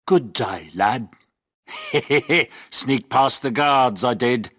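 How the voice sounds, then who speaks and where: A man's voice: medium pitch, extremely slow, a bit bright. An actor playing a chatty, scheming male merchant with folksy salesman patter in a game. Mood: wheedling.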